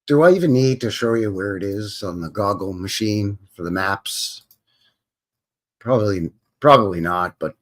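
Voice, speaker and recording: A man with a Canadian accent, hosting a livestream in a rambling, chatty way and often correcting himself. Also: fairly low pitch. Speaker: host. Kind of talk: casual livestream commentary.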